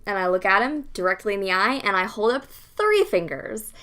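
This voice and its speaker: A young woman hosting a podcast, telling a story in a casual, animated way, acting out the dialogue and swearing freely. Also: medium pitch, moderate pace. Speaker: podcast host.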